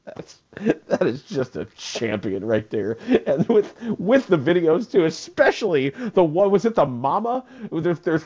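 A man's voice: fairly high pitch, sing-song, a little slow, a little mellow, muffled recording. A man hosting a casual sports talk radio show, rambling and repeating words as he laughs his way through listener texts.

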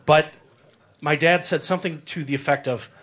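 A man's voice: a little high, normal speed, fairly bright tone. A man in his thirties, a radio sports director, giving a rambling, heartfelt farewell tribute on air with many fillers.

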